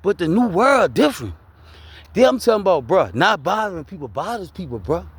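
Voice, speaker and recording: High-voiced Louisiana man preaching street wisdom. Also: sing-song, brisk, breathy edge, no room sound. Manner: preachy street talk, keeps repeating "you heard me?". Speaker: vlogger sharing his life story. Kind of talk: casual motivational talk.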